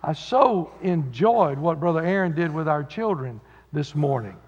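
Folksy preacher with high voice. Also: male voice, animated, unhurried, a little mellow, husky. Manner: folksy, joking asides, many fillers. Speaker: pastor. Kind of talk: sermon. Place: church sanctuary. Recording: dull sound with long hall reverb.

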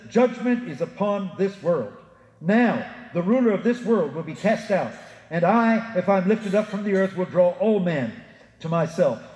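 A man preaching a sermon as pastor, emphatic, rising for quotations and dropping low to address the listeners directly. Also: darkish tone. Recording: echoey hall with long reverb.

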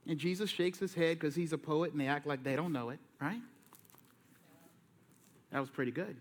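A man preaching a sermon from a church, telling the story with lively voices and casual slang. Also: a little high, normal speed, pauses often. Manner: lively storytelling, acting out Jesus and disciples in slang. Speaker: pastor. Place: church sanctuary.

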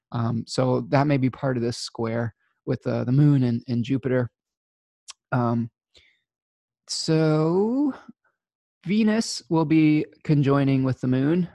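A man talks through a weekly astrology forecast in a loose, rambling way, laughing now and then and restarting his sentences. His voice has a gravelly, fried edge and sits at a middle pitch. The sound is dry and close, with no room around it. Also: a little mellow, no echo. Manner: rambling, laughs often, many restarts and fillers. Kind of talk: casual spoken forecast.

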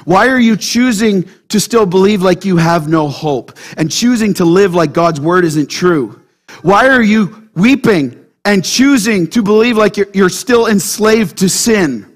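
High-voiced animated male pastor. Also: a little slow. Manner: animated, keeps checking in with the congregation through questions. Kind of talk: sermon.

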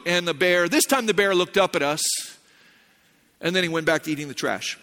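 A middle-aged male pastor from Arizona, preaching a sermon with a personal story, animated and swinging from shouts to hushed lines. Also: fairly high pitch, a little fast.

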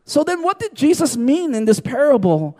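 A man's voice: very high-pitched, big pitch swings, moderate pace, darkish tone. A man preaching a sermon in an emphatic style, often asking his listeners "right?". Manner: emphatic, repeats "right?" to the audience. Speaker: pastor.

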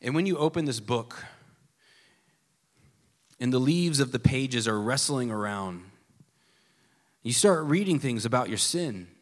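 A pastor preaching a sermon with earnest emphasis that drops at times to a hushed, soft delivery. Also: male voice, mid-range voice, expressive, measured pace, pauses often. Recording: long reverb of a large hall.

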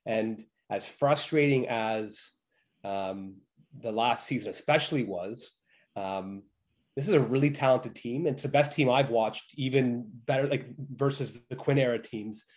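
A man's voice: mid-range voice, a little slow. A man in his forties, co-hosting a podcast, talking casually and telling stories with lots of fillers. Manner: animated storytelling, frequent fillers. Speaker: podcast co-host.

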